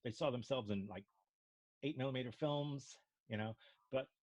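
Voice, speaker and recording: A man's voice: medium pitch, moderate pace, a little mellow, dry recording, muffled recording. An older man from Brooklyn, with a faint Brooklyn accent, telling rambling stories with many restarts as an improv instructor. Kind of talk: casual discussion.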